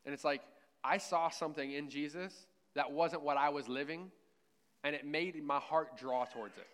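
A male pastor delivers a sermon in a relaxed, conversational tone, often pausing to ask his listeners "right?". His voice sits a little high for a man and comes through smooth and clear. He preaches from a church. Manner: conversational, frequent "right?" check-ins.

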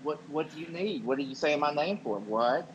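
A man playing a self-important small-town doctor who talks in a deadpan, halting way and blurts out acted-out quotes. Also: fairly high pitch, muffled recording, a little hiss or hum, lightly acted. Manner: deadpan, halting, acts out quotes with sudden loud "What?". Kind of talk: improvised comedy character.

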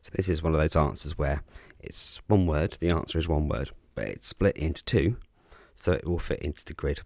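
Very deep gravelly man, casual. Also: moderate pace, dry recording, clean studio sound. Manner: relaxed, chatty, frequent ums and self-corrections. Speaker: podcast host explaining crossword clues. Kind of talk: casual explanatory talk.

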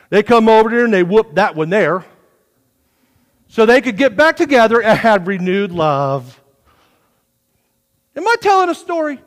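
A man preaching a folksy sermon to his congregation, swinging from hushed asides to loud, lively exhortation. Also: high voice, unhurried, long pauses, big-room sound. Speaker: pastor. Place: church sanctuary.

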